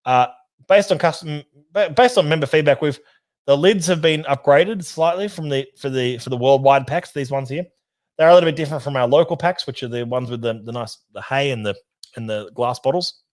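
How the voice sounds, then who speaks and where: A man's voice: medium pitch, fairly quick, a little mellow. A man hosting a casual whisky livestream, chatting loosely, reading out viewer comments and laughing easily. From Australia. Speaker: whisky society host.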